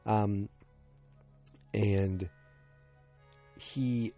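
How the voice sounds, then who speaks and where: Deep dark-voiced guy rambling thru a tv recap, lots of ums. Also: steady tone, drawn-out words, faint music behind. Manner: rambling, full of fillers and restarts. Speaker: TV episode recapper.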